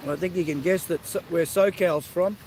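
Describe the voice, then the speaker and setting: A man with a high, steady, slightly mellow voice hosts a casual livestream outdoors by the sea, speaking at a moderate pace. He chats and greets viewers by name, with a little hiss or hum in the audio.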